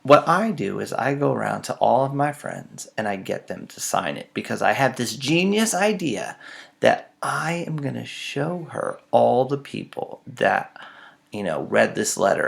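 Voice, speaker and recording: A man's voice: lowish voice, gravelly, a bit bright. A man telling self-mocking personal stories in a casual, dramatic way. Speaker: storyteller.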